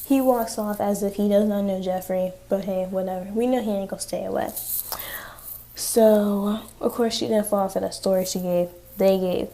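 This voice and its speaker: Young woman, warm mellow voice, chatty profane TV recapper. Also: medium pitch, fairly even intonation, normal speed. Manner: chatty, profane, sarcastic asides. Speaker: TV recap vlogger. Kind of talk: casual episode recap.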